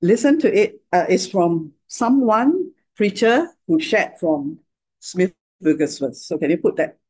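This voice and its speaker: A pastor speaking plainly and haltingly to a class before playing a video. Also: medium pitch, lively intonation, a little mellow, husky. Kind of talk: casual talk to a congregation.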